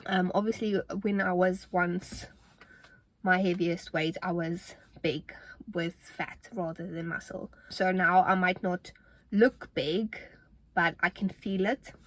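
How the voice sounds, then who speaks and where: A woman's voice: on the low side, steady tone, slow. A young woman talking to camera in a casual fitness vlog, earnest and motivational, chatty with fillers, a little out of breath. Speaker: fitness vlogger.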